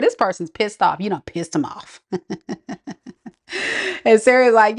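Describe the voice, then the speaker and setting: A woman's voice: mid-range voice, animated, measured pace, long pauses. Chatty woman giving a live tarot reading. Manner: chatty, slangy, laughs often, addresses viewers directly. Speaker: tarot reader.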